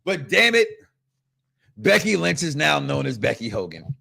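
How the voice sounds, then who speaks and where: Animated joking Midwestern man host. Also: fairly high pitch, moderate pace, creaky. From Chicago, US Midwest. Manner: animated, joking, keeps checking in with "okay?". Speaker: podcast host. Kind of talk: casual wrestling talk show chat.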